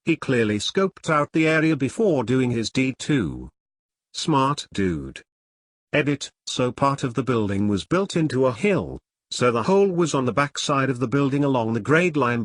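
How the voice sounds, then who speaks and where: A man narrating online stories aloud in a steady, matter-of-fact reading voice. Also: medium pitch, no echo, clean studio sound.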